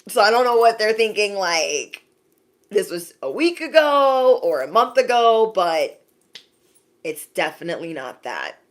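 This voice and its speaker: A young adult woman giving a sassy, animated spiritual pep talk to her viewers, acting out little scenes as she goes. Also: medium pitch, measured pace. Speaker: intuitive reader.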